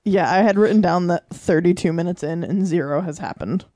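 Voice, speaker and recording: A panelist on a casual movie review podcast who chimes in with wry, deadpan quips. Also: medium pitch, brisk, dry recording, studio quality.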